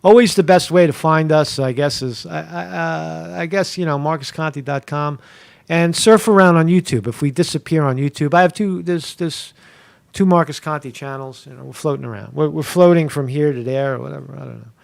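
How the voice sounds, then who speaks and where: A man's voice: fairly high pitch, moderate pace, vocal fry. A man from Pennsylvania hosting a live show, talking in a rambling, sarcastic way and swearing freely. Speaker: host.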